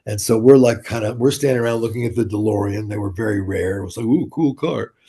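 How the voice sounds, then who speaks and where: A man's voice: lowish voice, level tone, fast talker, dark tone, slightly rough. An older man, telling rambling, blunt, profane stories as an interview guest. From New York City. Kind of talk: casual storytelling interview.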